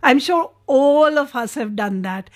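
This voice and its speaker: A woman radio host, chatting warmly through listener messages in an effusive, sentimental way. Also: high-pitched, lively intonation, a little slow. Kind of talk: radio show chat reading listener messages.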